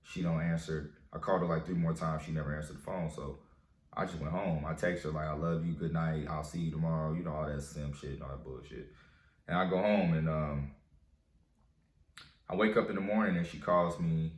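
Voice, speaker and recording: Deep-voiced man, slangy and profane. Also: fairly even intonation, fairly quick. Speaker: dating advice vlogger. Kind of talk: casual storytelling and advice monologue. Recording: roomy echo.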